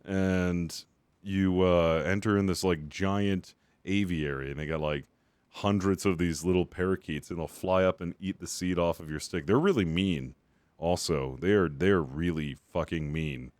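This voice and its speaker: A man with a very low voice chats casually with his stream viewers. He rambles and swears freely. His voice sounds dry and close, with no room around it. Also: moderate pace, a little mellow, no room sound. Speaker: game streamer.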